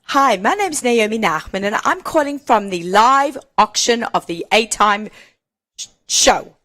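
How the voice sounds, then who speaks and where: A woman co-hosting a live charity auction stream, chatting excitedly and reading a prize list into a phone. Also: a little high, a little slow. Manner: excited, giggly, reads prize list aloud.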